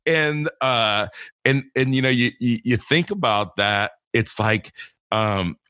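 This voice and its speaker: A man's voice: mid-range voice, slow, sharp tone, clean tone, dry recording, clean studio sound. A man talking casually about faith as a podcast guest, rambling with many restarts and fillers.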